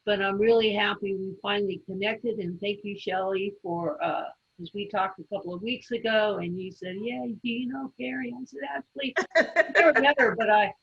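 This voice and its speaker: A woman hosting an interview over a video call, relaxed and full of fillers. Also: mid-range voice, moderate pace, slightly rough, lo-fi sound. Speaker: interviewer host.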